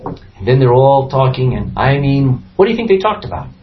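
Guy teaching bible study, really lively up and down voice, kinda dull lo-fi recording. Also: medium pitch, moderate pace. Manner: animated, acts out scripture voices with laughs.

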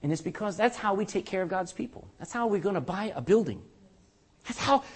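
An older man preaching a sermon as pastor, animated and joking, with rhetorical questions to his congregation. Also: sits high, a little fast.

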